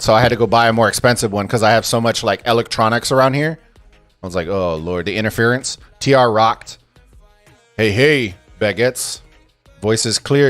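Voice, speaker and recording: A man casting a strategy game tournament on a live stream, excitable and chatty, swearing freely as he reads viewer messages. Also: mid-range voice, no echo. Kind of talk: casual live-stream commentary and chat reading.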